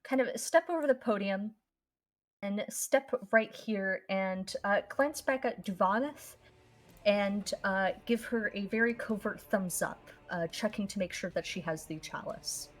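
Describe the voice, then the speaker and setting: A woman narrating as game master of a tabletop game, describing scenes in an unhurried way. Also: mid-range voice. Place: online stream.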